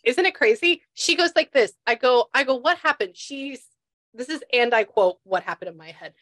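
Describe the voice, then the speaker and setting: A woman's voice: high voice, very animated, normal speed, fairly bright tone. A woman working as a psychic medium in a casual session, chatty and laughing as she passes on messages.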